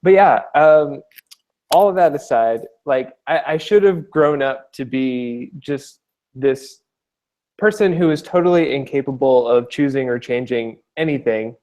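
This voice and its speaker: A man's voice: medium pitch, a little slow, darkish tone. A man from Long Island chatting as a guest on a video call, joking, rambling and laughing often. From Long Island, New York. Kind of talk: casual chat.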